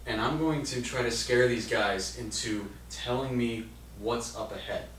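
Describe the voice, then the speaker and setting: A man's voice: mid-range voice, a little slow, fairly bright tone, faint music behind. A man taking part as a player in a tabletop game, stating his actions plainly. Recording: roomy, distant, noisy.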